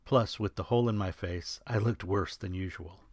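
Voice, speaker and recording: A man's voice: deep voice, moderate pace, a little mellow, dry recording. A man, the author, reading his own novel as first-person audiobook narration with a dry, sardonic manner, recorded on a studio microphone.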